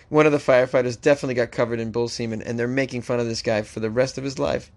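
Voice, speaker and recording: A man's voice: medium pitch, very fast, hardly any pauses, a little mellow. A man hosting a comedic news show, reading odd stories aloud and breaking off into wry, joking asides. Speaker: podcast host.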